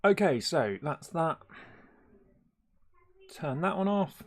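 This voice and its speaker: A man's voice: fairly high pitch, expressive, slow. A man chatting casually on a live stream, rambling and laughing often, with many hesitant fillers.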